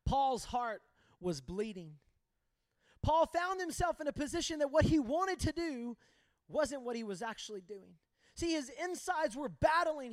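A man's voice: very high voice, no echo. A man preaching a sermon, emphatic and impassioned, telling personal stories.

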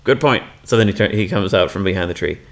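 A man's voice: low-pitched, very fast. Man rambling through an improvised story. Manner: rambling, playful, full of restarts and sound effects. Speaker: podcast host.

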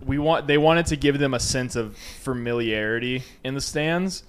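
A man's voice: medium pitch, normal speed, a little hiss or hum. A man hosting a casual podcast, talking in a loose, rambling way with many restarts. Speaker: podcast host.

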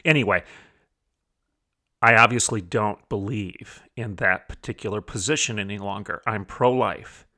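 A man's voice: on the low side, a little slow, bright, forceful tone. A man hosting a commentary show, talking emphatically, repeating phrases for stress and asking rhetorical questions. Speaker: podcast host. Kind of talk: opinion commentary monologue.

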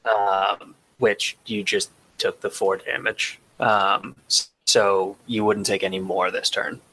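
A man's voice: lowish voice, little pitch movement, takes it slowly, gravelly, sharp tone, slightly rough, rough recording. A man explaining tabletop game rules in a matter-of-fact way, with frequent filler sounds. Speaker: rules helper.

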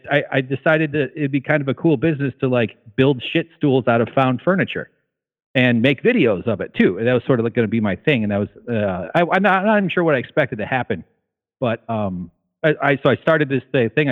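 A man chatting casually as a guest, rambling with lots of fillers and restarts, a little out of breath. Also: mid-range voice. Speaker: guest caller. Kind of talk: casual chat. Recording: tinny phone line.

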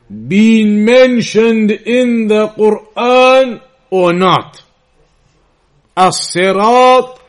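A man giving an Islamic lesson, repeating key phrases and putting questions to the listeners. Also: high voice. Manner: recites Arabic quickly and quietly between English explanation. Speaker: Islamic teacher. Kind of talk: slow, deliberate religious lesson.

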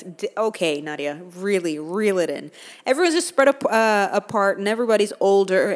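Snarky woman vlogger ranting, cusses a lot, fake newsreader bits. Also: mid-range voice. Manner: sarcastic, swearing, swings into mock newsreader voice. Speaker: commentary vlogger. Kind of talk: casual comedic commentary.

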